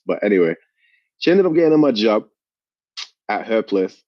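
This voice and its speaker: A man's voice: on the low side, big pitch swings, fairly quick, long pauses, no room sound. Man, casual storyteller, heavy swearing, slightly dull dry recording. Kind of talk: casual chat.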